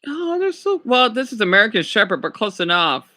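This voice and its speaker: A man's voice: sits high, big pitch swings, sharp tone. A man chatting casually on a livestream, gushing and drawing out his words. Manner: gushing, drawn-out swoops when cooing over dogs.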